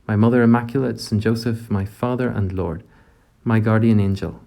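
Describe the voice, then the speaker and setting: A man leading a gentle, reflective prayer meditation, speaking directly to God. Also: lowish voice, fairly even intonation, moderate pace, vocal fry.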